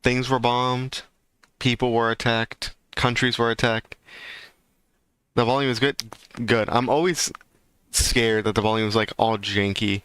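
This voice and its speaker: A man's voice: medium pitch, steady tone, unhurried, pauses often, a bit bright, clean tone, dry recording. A man chatting casually on a livestream, rambling and ranting with lots of fillers. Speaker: streamer.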